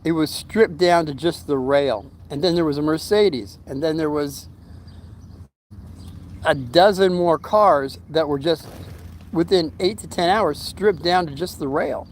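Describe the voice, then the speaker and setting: A fairly high-pitched man speaks at a measured pace against slight background noise. Middle-aged and vlogging casually at home, he tells a long, wandering story with fillers and restarts, occasionally slipping into the voices of its characters.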